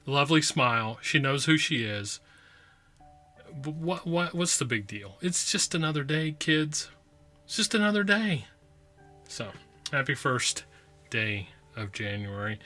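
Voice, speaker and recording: A man's voice: medium pitch, pushed and bright. A man hosting his own podcast, talking casually and playfully with lots of repetition and asides. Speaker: podcast host. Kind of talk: casual solo review.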